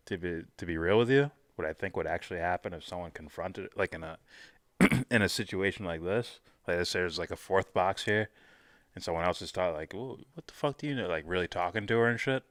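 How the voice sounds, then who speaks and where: A very low-voiced man rambles through a casual reaction chat, cursing and chuckling as he goes. The sound is close and dry, with no room around him. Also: brisk, fairly bright tone, no echo. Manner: laid-back, swears freely, laughs often. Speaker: live stream co-host.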